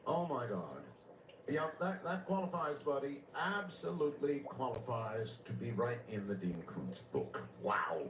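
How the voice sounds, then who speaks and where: A man's voice: medium pitch, big pitch swings, unhurried, a little hiss or hum. A man hosting a late-night call-in radio show, reacting wryly to callers and putting them on the air. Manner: wry, reactive, takes calls. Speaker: radio talk host. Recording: echoey, distant radio recording.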